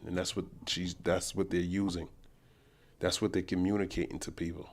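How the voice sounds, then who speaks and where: A man with a fairly low voice preaches over a livestream, quoting scripture and picking apart news clips. He circles back on his words, stumbles through restarts, and his tone turns loud and indignant when he pushes back on what he sees. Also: little pitch movement, moderate pace. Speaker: livestream host. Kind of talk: scripture teaching mixed with news reaction.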